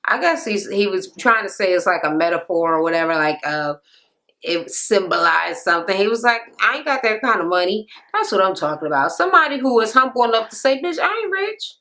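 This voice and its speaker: A woman's voice: medium pitch, animated, a little fast, sharp tone. A young woman giving a casual, profane recap rant on a reality show, blunt and full of filler words. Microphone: camera mic.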